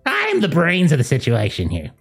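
A woman's voice: sits low, huge pitch swings, moderate pace, gravelly, faint music behind, exaggerated voice. Woman putting on a cocky goblin brute. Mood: boastful. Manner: swaggering boasts. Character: cocky male goblin brute, boastful and greasy.

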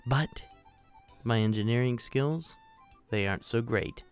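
A man, the podcast's host, reading a deliberate, scripted promo. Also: mid-range voice, clean tone, faint music behind.

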